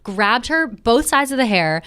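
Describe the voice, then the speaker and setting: Young female podcast co-host, casual storyteller, swears a lot, smooth clear tone. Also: a little high, a little slow. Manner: animated storytelling, swears freely, says "like" a lot. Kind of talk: casual chat.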